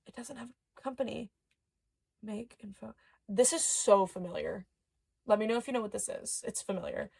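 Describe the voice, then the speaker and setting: A young adult woman chatting casually as she unboxes dolls and toys, excitable, with gasps and soft murmured asides. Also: medium pitch, normal speed, creaky, slightly rough. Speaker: doll collector YouTuber.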